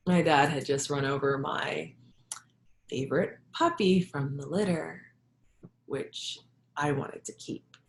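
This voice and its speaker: Low gravelly-voiced woman telling a story. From Jamaica. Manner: reflective, halting, with soft laughs. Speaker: holistic health practitioner and yoga instructor. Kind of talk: personal storytelling. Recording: echoey room.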